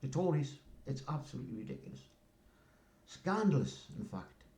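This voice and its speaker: A man's voice: on the high side, very animated, normal speed, creaky, dark tone. An older man, rambling through a casual story and often asking "you know what I mean". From North East England. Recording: roomy echo.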